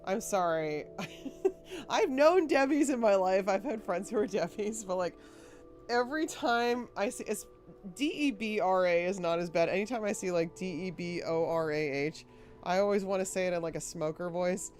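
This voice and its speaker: A chatty woman from Rhode Island talking casually on a livestream, giggling often and wandering off on tangents. Her voice sits a little low, and faint game music plays underneath. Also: normal speed, a little mellow. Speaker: streamer.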